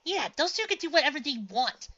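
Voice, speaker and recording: A woman voicing a whiny, excitable young pony mare in a storybook reading. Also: high voice, fairly quick, dull audio, pitched above the performer's own voice. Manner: whining, excitable.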